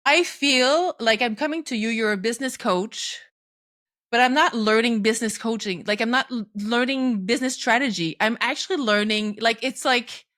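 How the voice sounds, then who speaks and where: A woman hosting a podcast, with a fairly high voice. She thinks aloud in a relaxed, meandering way, stopping now and then to look for the right word. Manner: thoughtful, rambling, searching for words. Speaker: podcast host. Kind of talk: casual podcast chat.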